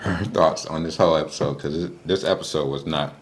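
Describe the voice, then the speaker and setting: A man co-hosting a casual reality TV recap, animated and slangy, jumping into a high voice to act out quotes. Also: a little fast, slight background noise. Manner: informal, slangy. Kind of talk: casual recap chat over a meal.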